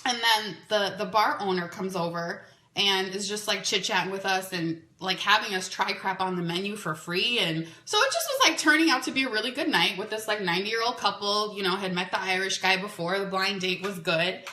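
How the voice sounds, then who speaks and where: A woman podcaster tells a long story in a chatty, animated way, with a "like" in nearly every sentence. Her voice is bright and sounds as if it was recorded in an echoey room. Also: medium pitch, brisk. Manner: chatty and animated, full of "like" fillers. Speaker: podcast host. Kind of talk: casual storytelling monologue. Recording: roomy echo.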